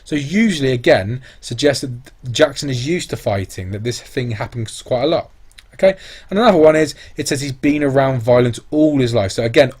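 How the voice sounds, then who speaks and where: Husky-voiced male English teacher. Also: medium pitch, darkish tone. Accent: British English. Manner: explains step by step, thinking aloud. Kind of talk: exam revision lesson.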